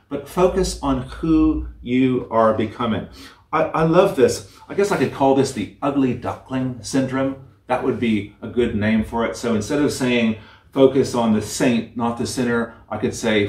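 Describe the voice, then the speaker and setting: A man giving an earnest, heartfelt sermon, with halting restarts and a story read aloud. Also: mid-range voice. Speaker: preacher. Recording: roomy, distant mic.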